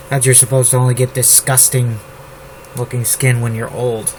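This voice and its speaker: A man from the United States drafting his novel out loud, repeating words and phrases as he types them. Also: medium pitch, little pitch movement, moderate pace, noisy background. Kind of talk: thinking aloud while drafting a novel. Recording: loud keyboard typing over the voice. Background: keyboard typing.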